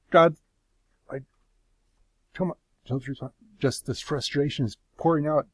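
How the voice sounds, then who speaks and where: A man's voice: medium pitch, moderate pace, pauses often, no room sound. A man giving casual Bible teaching, conversational and emphatic, putting questions to his listeners.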